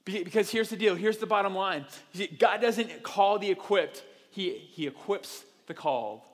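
A man preaching a sermon in an animated, self-deprecating way, acting out the voices he quotes, in a church auditorium. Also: high voice, moderate pace. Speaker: pastor. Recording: reverberant hall.

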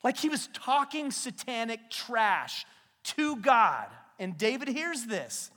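A man preaching a sermon as a pastor, retelling scripture as a lively, slangy story. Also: very high-pitched, slow. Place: church sanctuary. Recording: long hall reverb in a church.

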